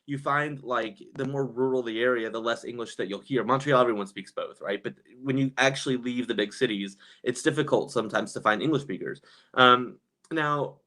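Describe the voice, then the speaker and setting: A man chatting casually on a live stream, gossipy and quick to laugh, reading viewers' comments aloud and reacting. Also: medium pitch, pushed and bright.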